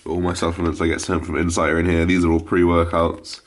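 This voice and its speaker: A man with a deep, slightly raspy morning voice, chatting frankly as a fitness vlogger and swearing now and then. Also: completely flat delivery, quick pace, echoey room, background noise. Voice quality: deep, a little raspy from waking. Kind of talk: casual vlog chat. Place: at home just after waking, echoey room.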